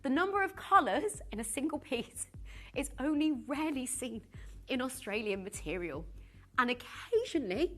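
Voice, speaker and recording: A woman presenting live on a shopping channel, gushing and excitable, often restarting her sentences. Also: sits high, normal speed. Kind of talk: live TV sales pitch.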